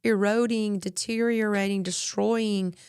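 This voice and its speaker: A woman co-hosting a live-stream show, chiming in with quick agreeing remarks. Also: medium pitch, steady tone, a little mellow, smooth, no echo. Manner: quick affirming interjections.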